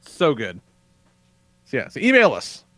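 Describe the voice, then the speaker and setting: A man's voice: medium pitch, wildly swooping pitch, a little slow, pushed and bright, no room sound. A man hosting a podcast, chatting casually and swearing freely as he wraps up the show. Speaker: podcast host. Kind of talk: casual chat.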